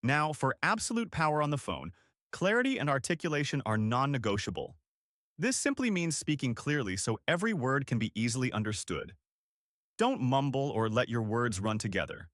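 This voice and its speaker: A man giving scripted instructional narration in a clear, deliberate coaching manner. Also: medium pitch, sing-song, fairly bright tone, dry recording, studio quality.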